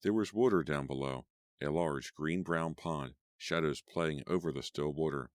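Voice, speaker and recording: A man narrating a horror audiobook in a steady, measured storytelling voice. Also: very deep voice, no room sound, clean studio sound.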